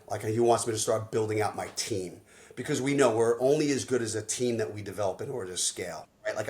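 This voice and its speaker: A man who works as a life coach and hosts a podcast. He tells stories in an energetic, slangy way and acts out the dialogue he quotes. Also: fairly low pitch. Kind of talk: animated storytelling conversation.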